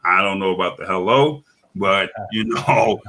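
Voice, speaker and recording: Man, very bright voice, casual tech chat, halting, lots of fillers. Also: deep voice. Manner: halting, many fillers and restarts. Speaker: tech news commentator. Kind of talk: casual live podcast chat.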